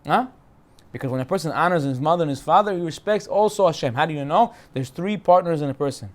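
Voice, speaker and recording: Rabbi, man, high voice; lively, jokey Torah class. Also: fast talker. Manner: animated, jokey, acts out quoted voices.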